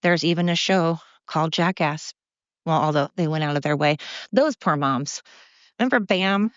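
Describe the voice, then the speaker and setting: A woman's voice: deep voice, moderate pace, dry recording, highs cut off. A woman hosting a solo podcast, ranting bluntly with profanity and mocking herself, recorded on a phone. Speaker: podcast host.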